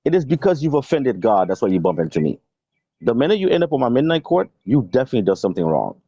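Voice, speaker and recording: A man's voice: mid-range voice, very animated, fast talker, warm tone, husky, no room sound. A man hosting a live stream, scolding someone in an aggressive, profane, confrontational rant. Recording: dull lo-fi stream audio.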